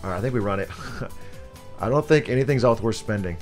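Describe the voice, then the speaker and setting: A man livestreaming a game and commenting as he plays. He is excitable, swears a lot and laughs often. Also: lowish voice, a little fast, faint music behind. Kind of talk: live gaming commentary.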